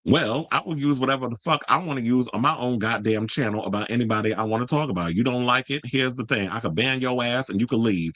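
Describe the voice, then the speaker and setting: A man's voice: mid-range voice, fast, few pauses, a bit bright, no echo, poor audio. A man hosting a live-stream commentary show, ranting profanely and arguing straight with his viewers. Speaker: host.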